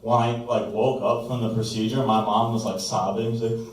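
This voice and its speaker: A man's voice: medium pitch, little pitch movement, a little fast. A young man doing a stand-up set at a college open mic, rambling and self-mocking with lots of fillers. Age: young adult. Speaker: stand-up comedian. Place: college comedy club room. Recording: echoey room from a distance, noisy.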